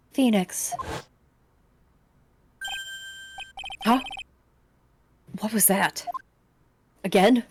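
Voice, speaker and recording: A woman's voice: lowish voice, close to an everyday voice. A woman reading as an earnest young lawyer. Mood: worried. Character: earnest young male defense attorney.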